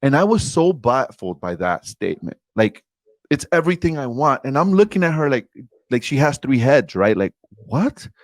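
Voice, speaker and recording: A man in his forties, mid-pitched, talks with conviction and leans on his words for emphasis. He tells his personal story candidly and calls the listener brother. The recording is dry and close, with no room sound. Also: big pitch swings, normal speed, no room sound. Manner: earnest, emphatic, addresses the host as brother. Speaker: podcast guest.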